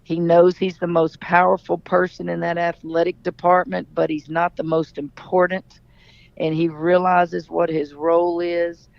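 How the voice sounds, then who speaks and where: Gravelly-voiced woman coach. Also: fairly low pitch, level tone, measured pace, dry recording, lo-fi sound. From Louisiana. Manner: candid, emphatic storyteller. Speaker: head coach, guest. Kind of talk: radio interview.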